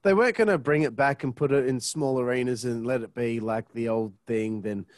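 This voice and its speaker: A man's voice: mid-range voice, brisk, no echo, clean studio sound. A man hosting a podcast, asking questions bluntly and swearing casually. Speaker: podcast host. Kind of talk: casual interview chat.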